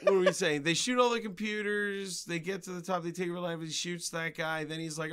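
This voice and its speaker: A man with a bright, forceful, somewhat high voice, talking through a movie scene by scene on a podcast. He laughs easily and slips into mock quotes of the characters. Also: fairly even intonation, a little fast, hardly any pauses, clear, resonant tone. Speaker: podcast co-host. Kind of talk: casual movie commentary chat.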